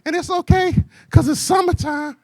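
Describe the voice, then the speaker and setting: A man doing a high, mocking impression of a sassy young woman making demands during a stand-up comedy bit. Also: moderate pace, no room sound, clean studio sound.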